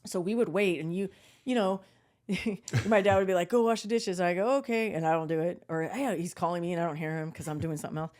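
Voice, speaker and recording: A woman's voice: fairly low pitch, quick pace. A middle-aged woman hosting a podcast, chatting casually and acting out quoted lines with frequent laughter. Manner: animated storyteller, acts out quotes, laughs often. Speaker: podcast host. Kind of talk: casual chat.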